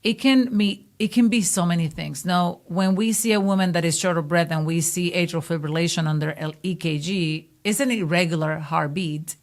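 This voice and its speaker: Low-voiced cardiologist host explaining clearly. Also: female voice. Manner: explains clearly, steering the conversation. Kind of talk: interview with explanation for listeners.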